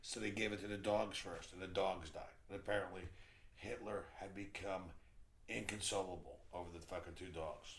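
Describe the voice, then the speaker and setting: A man's voice: deep voice, steady tone, normal speed, a little hiss or hum. A male comedian chatting as a guest and telling crude jokes, swearing constantly. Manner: profane, crude storyteller. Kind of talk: casual chat, telling dirty jokes.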